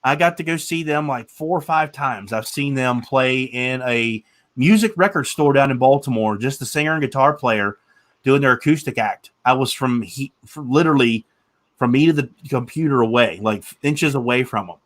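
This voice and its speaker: A man's voice: medium pitch, moderate pace. A man in his thirties hosting a casual chat, telling rambling stories and swearing casually. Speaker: podcast host.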